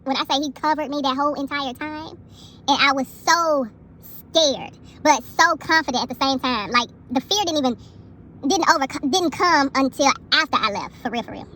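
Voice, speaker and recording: A young woman vlogging a story from her own life. Her voice sits high and sounds bright and forceful. She tells it animatedly, with plenty of emphasis and asides to the people watching. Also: normal speed, slight background noise. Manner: animated, emphatic retelling with lots of asides to viewers. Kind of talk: casual storytelling vlog.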